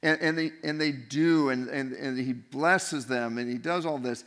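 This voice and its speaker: Pastor, male, conversational sermon delivery, rough fry in the voice, reverberant church hall. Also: mid-range voice, measured pace, fairly bright tone. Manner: conversational preaching with restarts and rhetorical questions.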